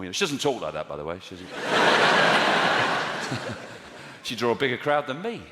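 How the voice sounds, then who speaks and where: Fast but with long pauses, an English stand-up swings his fairly low voice widely in pitch as he works a big theatre stage before a live audience. He's wry and exasperated, with bursts of mock outrage. There's background noise, and the echoey hall, heard through a stage mic, rings with loud laughter.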